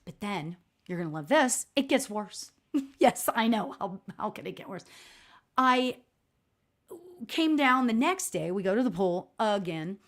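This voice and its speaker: A middle-aged woman hosting a live stream as a spiritual medium, telling a personal story in a chatty, expressive way with a loud voice. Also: medium pitch. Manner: chatty and expressive, frequent "right?" and laughs; self-described loud voice. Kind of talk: casual livestream storytelling.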